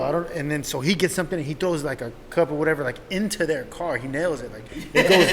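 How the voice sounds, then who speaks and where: Animated young man telling a wild story. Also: fairly high pitch. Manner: animated, profane, laughing storyteller. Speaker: podcast host. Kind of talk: casual storytelling. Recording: echoey room with faint noise.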